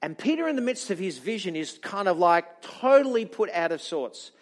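Man, preacher, high voice, storytelling sermon, chatty, restarts. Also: normal speed. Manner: animated, chatty, frequent restarts.

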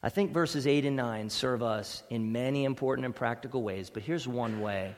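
In a church sanctuary, a man delivers a sermon as pastor, alternating loud, stressed words with quiet, low asides in an emphatic style. The recording has big-room sound.

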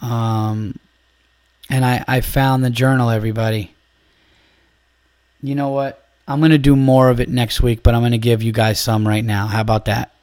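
A man's voice: medium pitch, moderate pace, clear, resonant tone. Male podcast host, casual storyteller with a mid-range voice, loose and profane. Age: adult, began comedy around 2003. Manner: animated, swearing, breaks into loud laughter.

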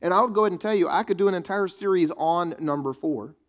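Male pastor, somewhat high voice, casual joking sermon delivery. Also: fast talker. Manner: conversational preaching with quips to the congregation.

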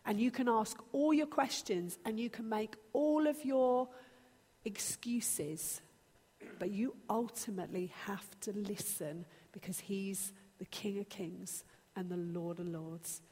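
Slow, earnest woman preaching in a hall. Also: medium pitch. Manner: earnest, animated, acts out her own pleas to God. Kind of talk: sermon. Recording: long hall reverb.

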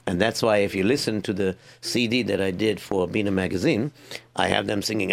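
A man's voice: on the low side, quick pace, creaky. A man, a rabbi and voice impressionist, talking animatedly as a guest on a radio show. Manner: animated, explains his voice work. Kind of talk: casual radio chat.

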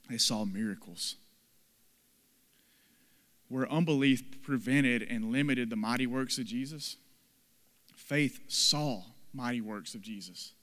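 A man preaching a sermon, dramatically acting out the people in the story with sudden loud and soft swings. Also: medium pitch, long reverb tail. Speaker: pastor.

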